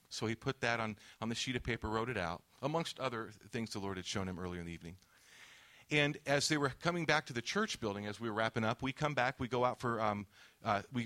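A man's voice: mid-range voice, fairly bright tone. A man preaching a sermon, telling a testimony story and acting out the quoted dialogue.

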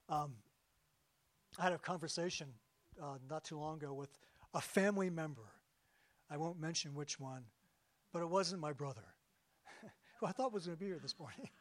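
A man giving a sermon as pastor, conversational and jokey, slowing down for emphasis. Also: a little high, no room sound.

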